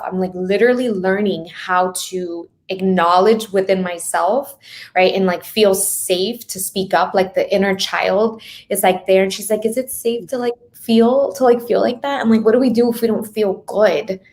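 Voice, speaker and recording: A woman's voice: mid-range voice, fairly even intonation, moderate pace. Chatty woman, full of "like". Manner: chatty, heavy on "like" and "right?". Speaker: podcast guest, mindset coach. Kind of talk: casual podcast conversation.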